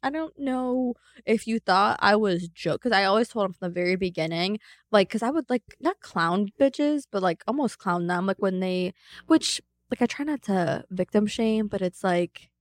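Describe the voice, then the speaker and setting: A woman's voice: medium pitch, lively intonation, moderate pace, dry recording. A young woman co-hosting a podcast, telling a story bluntly with lots of swearing and fillers. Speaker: podcast co-host. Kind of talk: casual podcast chat.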